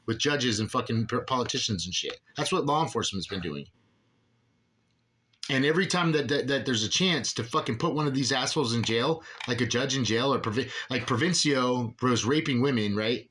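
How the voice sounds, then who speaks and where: A man's voice: medium pitch, fairly bright tone, slight background noise. A man in an agitated, profane monologue, rambling with many restarts as an aggrieved father ranting about officials. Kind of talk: angry monologue.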